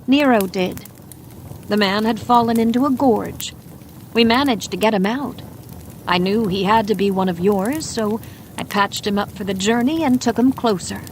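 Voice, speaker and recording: A woman voicing a wary, sharp-tongued woman who lives in the forest, blunt and teasingly wry, in a bedtime mystery audiobook. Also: medium pitch, moderate pace, slight background noise, lightly acted.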